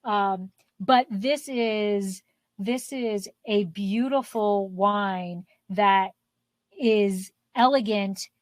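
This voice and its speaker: Slow-talking woman podcast co-host. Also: mid-range voice, no room sound. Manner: unhurried and thoughtful, with fillers. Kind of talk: casual podcast chat.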